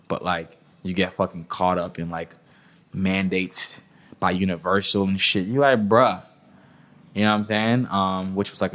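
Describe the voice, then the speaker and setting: A man's voice: sits low, fairly bright tone. A man talking casually as an interview guest, loose and profane, with lots of "like" and "you know.". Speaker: music industry guest.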